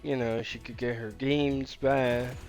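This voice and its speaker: A man's voice: medium pitch, steady tone, takes it slowly, soft background music. A man hosting a gaming channel, telling a casual, rambling story full of fillers and quoted dialogue.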